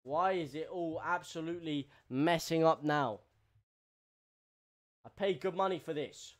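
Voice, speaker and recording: A man streaming live, giving excitable running commentary on a football match and repeating himself. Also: on the high side, unhurried.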